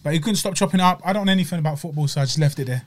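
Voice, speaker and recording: A man's voice: a little high, very fast, slight background noise. A man, hosting a podcast and reviewing desserts in casual, emphatic chat full of slang and repeated lines. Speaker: podcast host. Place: studio.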